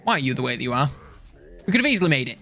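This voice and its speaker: A young man chatting casually while playing a strategy game on stream, rambling and mocking himself with quick jokes. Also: mid-range voice, very animated, sharp tone, faint music behind. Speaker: gaming streamer. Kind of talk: casual let's-play commentary.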